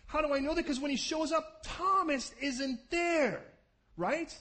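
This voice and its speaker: A man preaching a sermon, telling the story in an animated way and acting out the scenes with quick asides to the congregation. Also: very high voice.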